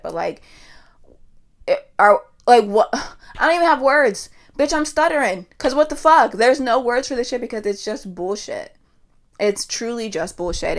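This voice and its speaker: A young woman hosting her own podcast, ranting in a heated, profane way and restarting her sentences as she gets worked up. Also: mid-range voice. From Pennsylvania. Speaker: podcast host. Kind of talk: impassioned solo podcast rant.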